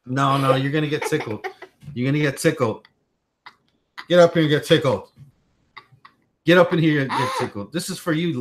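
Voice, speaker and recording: Rambling, chatty livestream host. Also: male voice, on the high side, moderate pace, pauses often, slight background noise. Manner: rambling, repeats himself, talks to his small son on stream. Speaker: tech channel host. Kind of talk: casual livestream chat. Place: at home.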